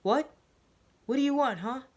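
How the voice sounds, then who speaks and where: A reader voicing a jumpy paranoid patient. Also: unhurried. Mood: frantic. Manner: shouting, jumpy, pitch flying high. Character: agitated paranoid male psychiatric patient. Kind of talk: reading a story aloud.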